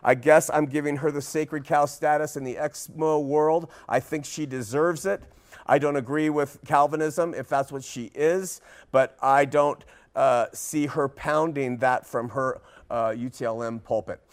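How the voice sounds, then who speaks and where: A man's voice: a little high, fairly even intonation, unhurried. A man hosting a religious commentary podcast, talking in an earnest, preachy way with frequent fillers and restarts. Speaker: podcast host.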